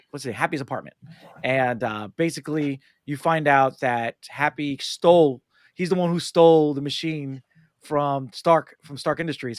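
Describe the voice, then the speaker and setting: Male podcast host, higher voice, animated storyteller, dry close-miked sound. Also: no echo. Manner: animated, acts out movie lines in voices. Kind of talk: casual podcast chat.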